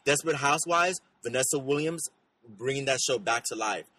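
A man co-hosting a podcast, chatting in an animated, gushing way about TV shows, rambling with restarts. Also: mid-range voice, a little fast, slightly rough, dry recording, rough recording. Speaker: podcast co-host. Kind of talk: casual chat about TV shows.

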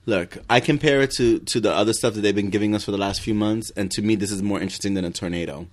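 A man co-hosting a casual chat, animated and opinionated, talking in quick bursts. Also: fairly low pitch. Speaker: podcast co-host.

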